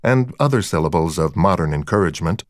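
A man's voice: deep voice, expressive, fast, dry recording, studio quality. Man narrating a wry audiobook. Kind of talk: first-person audiobook narration.

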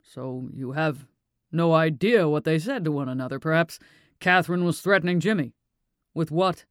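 A man's voice: on the high side, expressive, normal speed, clean tone, no room sound, studio quality, natural voice. A man voicing a pushy male judge who grills a police officer with insistent, needling questions. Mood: probing.

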